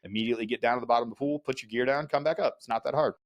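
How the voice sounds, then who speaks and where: A man hosting a podcast, casually telling animated stories, acting out voices and laughing often. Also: medium pitch, very fast, highs cut off. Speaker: podcast host. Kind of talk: casual storytelling chat.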